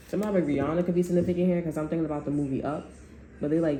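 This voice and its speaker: Casually reading tarot for viewers, this speaker talks in a warm, medium-pitched voice at a racing pace. She rambles loosely, full of slang and swearing, and keeps restarting her sentences. The echoey room carries faint noise.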